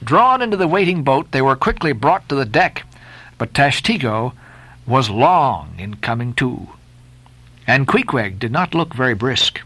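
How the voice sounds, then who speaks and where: Man, audiobook narration, dramatic, rising and falling pitch, bright tone. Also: measured pace, breathy edge, no echo. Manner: dramatic, expressive reading. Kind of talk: reading a classic novel aloud.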